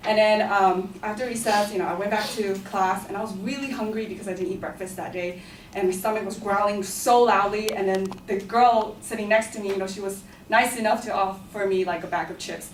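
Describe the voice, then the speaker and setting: A woman's voice: mid-range voice, steady tone, a little fast. A young woman telling a personal story to a class in a chatty way, with lots of fillers and giggles. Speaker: student storyteller. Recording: echoey room, far from the mic, faint hum.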